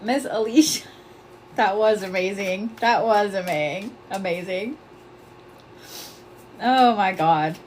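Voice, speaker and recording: A woman's voice: medium pitch, slow, long pauses, darkish tone, slight background noise. A woman hosting a psychic reading livestream, blunt and profane, laughing often and repeating her points with force. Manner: emphatic, repeats commands to the viewer. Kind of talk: casual livestream chat.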